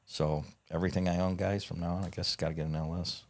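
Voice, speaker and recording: Deep-voiced, profane man spinning a shop story. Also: fast talker. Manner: excitable, profane, animated storyteller. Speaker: podcast guest. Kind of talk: casual storytelling chat.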